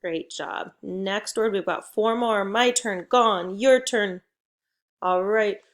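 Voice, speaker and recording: A woman teacher leading a phonics lesson for young children, slow and patient, with a call-and-response manner. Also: mid-range voice.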